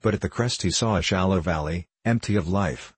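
A man narrating a story in a measured, even storytelling manner. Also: sits low, slightly rough, dry recording. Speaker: audiobook narrator. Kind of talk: scripted narration.

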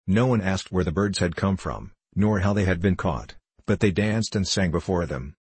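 A man reading a fable aloud as narrator with a measured delivery. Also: sits low, darkish tone, breathy edge, no echo. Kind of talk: storybook reading.

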